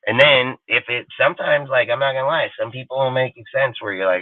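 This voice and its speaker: A man hosting a sports talk show in a casual, animated, rambling rant full of swearing. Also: mid-range voice, fairly quick, no room sound. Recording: tinny phone-like line, dry.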